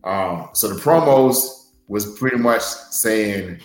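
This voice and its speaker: Earnest low-voiced wrestler, echoey room. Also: male voice, expressive, slow pace, faint music behind. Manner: earnest, rambling with many fillers. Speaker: pro wrestler guest. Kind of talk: podcast interview storytelling.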